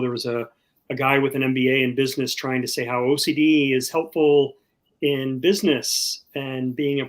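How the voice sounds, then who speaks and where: A man speaking on a live stream panel from home, casual and halting with many fillers. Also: medium pitch, rough recording. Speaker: organization director.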